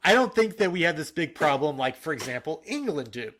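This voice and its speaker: A man's voice: fairly high pitch, big pitch swings, a little fast, fairly bright tone, a little hiss or hum. A man voicing a defensive male football official in a put-on Russian accent, with a stiff, dismissive delivery.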